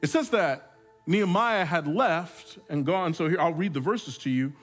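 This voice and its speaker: With a little high voice and a moderate pace, this pastor delivers a conversational sermon full of humorous stories and repeated restarts. Soft music plays in the background.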